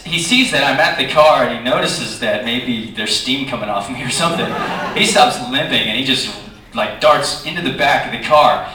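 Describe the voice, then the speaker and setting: A man telling a chatty, animated anecdote as a panel guest at a convention, recorded from far off in a large hall. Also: a little hiss or hum. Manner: animated, chatty, with many fillers and lively jumps in pitch. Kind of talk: storytelling anecdote to an audience. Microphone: recorded from the audience, far from the speaker. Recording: echoey hall, distant audience recording.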